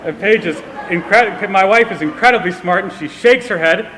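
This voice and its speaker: At a political event, a man gives a public speech, explaining an idea through a self-deprecating personal story. His high-sitting voice has a sharp tone and a moderate pace. There is slight background noise and the long reverb of a hall.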